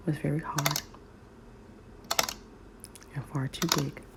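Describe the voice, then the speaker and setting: A woman reading a children's story in soft ASMR whispers, over loud nail tapping clicks. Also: low voice, little pitch movement, very noisy. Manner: soft, slow, soothing reading.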